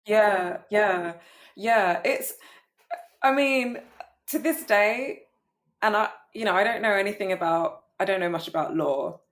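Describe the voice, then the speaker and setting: A woman poet in casual conversation about her own poem, animated, laughing often and restarting her sentences. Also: medium pitch, unhurried. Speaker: poet, guest.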